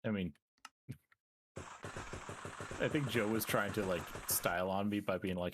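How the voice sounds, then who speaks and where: A man streaming a game and chatting casually, run down and talking in a relaxed, rambling way. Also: lowish voice, slow pace, pauses often, slight background noise. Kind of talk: casual chat.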